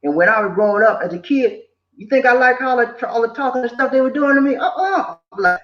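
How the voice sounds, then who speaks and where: A quick-paced older man from the southern United States, his voice very high, dispenses preachy life advice in a casual motivational vlog. Animated and repetitive, he mimics quoted voices, and the lo-fi recording echoes dully.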